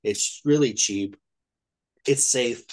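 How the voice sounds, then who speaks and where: A man in his thirties from Ohio, USA, rambles through a long travel story in casual chat, animatedly voicing what people said. He speaks slowly at a medium pitch.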